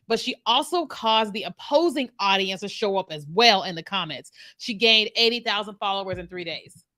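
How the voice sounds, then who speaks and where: A woman's voice: a little high, pushed and bright. A woman marketing strategist talking casually and animatedly to her viewers, with laughs and asides. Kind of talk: casual direct-to-camera talk.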